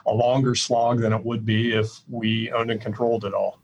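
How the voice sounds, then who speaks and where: An older man from the Midwest, a real estate executive answering podcast interview questions in a measured, plainspoken way with frequent fillers. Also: medium pitch, flat delivery, lo-fi sound. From Midwest US, Iowa.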